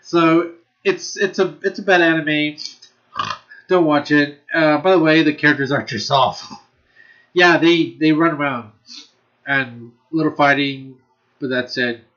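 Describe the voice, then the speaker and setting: Man, anime reviewer, casual and rambling, a bit high and bright, dull lo-fi sound. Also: measured pace, long pauses. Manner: rambling, restarts often, laughs a lot, curses. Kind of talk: casual ranking video commentary.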